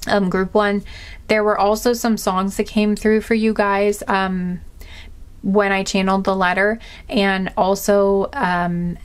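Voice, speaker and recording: A woman reading tarot cards to camera in a casual, rambling way, excitable and full of filler words. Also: mid-range voice. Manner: chatty and rambling, with many "like" fillers; excitable, easily amazed. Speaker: tarot card reader and channeler.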